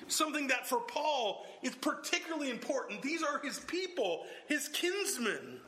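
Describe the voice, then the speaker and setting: A man preaches an expository sermon at a moderate pace, emphatic and swinging between low, even delivery and sudden exclamations.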